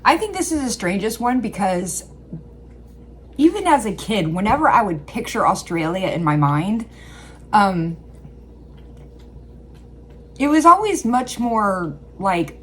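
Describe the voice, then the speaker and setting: A woman's voice: medium pitch, sing-song, slow pace, pauses often, slight background noise. An American woman who hosts a reaction channel, chatting casually and rambling with lots of fillers. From Illinois, USA. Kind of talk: casual chat.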